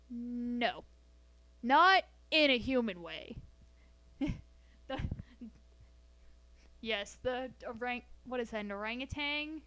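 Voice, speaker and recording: A woman with a somewhat high voice chats on a live stream from her floor at home. She talks loosely and profanely, drifting off topic and cracking jokes between bits of science. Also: a bit bright, smooth. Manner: profane, rambling, jokey. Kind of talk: casual live-stream chat.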